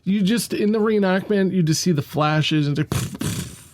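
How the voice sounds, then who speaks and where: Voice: medium pitch, moderate pace, darkish tone, no room sound. A podcast co-host in casual chat, questioning and picking at details of the story. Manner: questioning and skeptical, picks at details. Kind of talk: casual true-crime chat.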